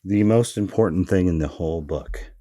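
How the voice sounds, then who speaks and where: A man's voice: low voice, normal speed, mellow, dry recording. A man co-hosting a casual comics podcast, trading dry sarcastic jokes and musing over old stories. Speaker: podcast co-host. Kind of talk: casual chat about comics.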